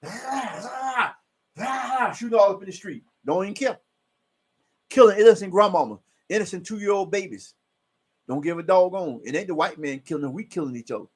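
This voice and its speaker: High-voiced man preaching with emphatic shouts. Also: animated, normal speed. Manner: emphatic, rising to shouts on scripture verses; loose, repetitive street-preacher talk. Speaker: self-styled preacher. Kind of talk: informal scripture preaching.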